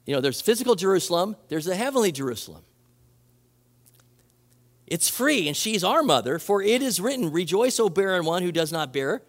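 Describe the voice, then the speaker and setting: A man preaching a sermon as a pastor, animated and conversational, acting out quoted voices and restarting his phrases. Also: high-pitched, fairly quick, big-room sound.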